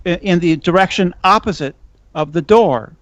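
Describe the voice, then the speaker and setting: A man's voice: high-pitched, normal speed, a bit bright, no echo. A man in a heated call-in debate who keeps pressing to finish his point, frustrated at interruptions, on dull lo-fi call audio. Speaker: debate guest.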